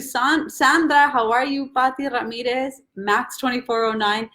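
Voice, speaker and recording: A woman's voice: high-pitched, fairly even intonation, measured pace, sharp tone. A chatty young woman hosts a live stream from her home, reading out viewers' names and greeting each in turn. Her talk is loose and casual, full of small asides, picked up on a phone or webcam mic. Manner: chatty, greets viewers by name one after another. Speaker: host of a weekly live stream. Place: at home, husband and baby in the back.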